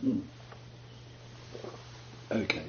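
A man's voice: very slow, bright, forceful tone, slight background noise. A man giving a chatty Bible lecture, joking and laughing at his own asides. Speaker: Bible teacher. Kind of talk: lecture-style Bible teaching. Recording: dull echoey room recording.

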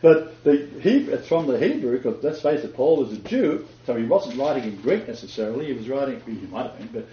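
A man's voice: medium pitch, lively intonation, brisk, few pauses, dark tone, slight background noise. Joking man teaching in an echoey room. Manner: chatty, jokey, laughs at own asides. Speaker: Bible teacher. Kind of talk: lecture-style Bible teaching. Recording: dull echoey room recording.

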